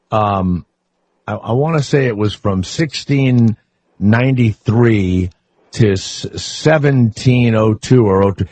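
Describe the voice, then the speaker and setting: A man hosting a talk radio show in a dry studio, his voice a little husky. He jokes and rambles through callers and guests with plenty of fillers. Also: medium pitch, darkish tone, no room sound. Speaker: radio host. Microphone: studio microphone.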